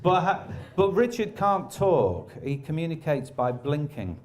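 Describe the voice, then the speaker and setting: A man's voice: fairly high pitch, sing-song, measured pace, a crowd in the background. Rambling man telling stories. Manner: rambling, self-deprecating, laughs often. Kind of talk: casual anecdotal chat.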